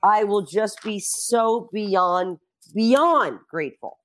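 A woman in her fifties chatting casually as a guest, telling lively, profane stories. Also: medium pitch, slow pace. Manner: animated storytelling, profane. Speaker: celebrity guest. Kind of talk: casual chat.

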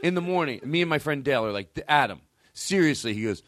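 A man hosting a podcast, telling rambling comic stories with loud outbursts and mumbled asides. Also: fairly high pitch, fast talker, no echo, studio quality. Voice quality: animated, swings between loud outbursts and mumbles. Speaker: podcast host. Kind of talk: rambling comedic storytelling.

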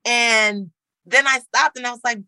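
Woman from Nigeria, young adult, bright voice, lively slangy chat, frequent laughter, pitch jumps, dry close recording. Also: normal speed, dry recording, low-quality recording. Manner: animated and slangy, laughing often, leaping up in pitch. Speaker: guest, comedian and actor. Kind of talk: casual interview chat.

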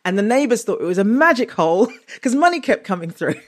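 A woman chats as a guest in an interview, her mid-pitched voice light and easy. She laughs often and restarts her sentences as she talks. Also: big pitch swings, brisk. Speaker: guest author and comedian. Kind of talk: casual interview chat.

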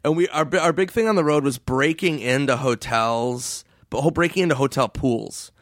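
A man telling stories in casual chat, laughing often, swearing and acting out quotes in a higher voice. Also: moderate pace, no room sound, clean studio sound.

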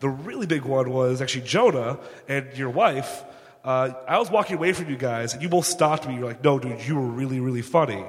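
Casting note: male fan at an audience mic, eager and rambling, mid pitch, long hall echo. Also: fairly quick. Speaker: audience member asking a question.

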